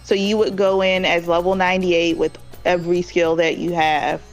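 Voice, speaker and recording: A woman's voice: on the low side, flat delivery, moderate pace, faint music behind, poor audio. A woman on a voice chat, patiently walking a friend through game settings. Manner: explaining game mechanics patiently. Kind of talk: casual gameplay talk.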